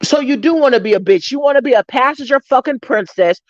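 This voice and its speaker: A woman delivering a heated, profane commentary rant straight to her viewers, talking fast and cutting herself off. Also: high voice, no room sound. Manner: heated, profane, rapid-fire ranting. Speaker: commentary vlogger. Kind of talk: ranting commentary vlog. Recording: dull lo-fi dry recording.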